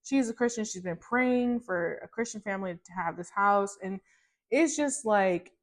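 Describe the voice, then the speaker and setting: A woman in her thirties, a podcast host, telling a personal faith testimony in casual chat, animated and rambling with many fillers and restarts. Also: mid-range voice, normal speed. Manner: animated, acts out her own reactions in quotes.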